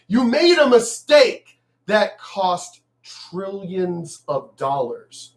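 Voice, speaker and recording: Male vlogger, high voice, angry swearing rant, mocking and emphatic. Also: lively intonation, unhurried, fairly bright tone. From El Paso, Texas. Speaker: vlogger ranting on news. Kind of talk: profane political rant.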